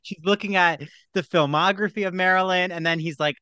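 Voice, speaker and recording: A man's voice: sits high, moderate pace, clean tone, dry recording, highs cut off. A man co-hosting a casual podcast chat about a TV show, gushing and acting out quotes as he talks. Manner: animated, gushing, acts out quotes. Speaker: podcast co-host.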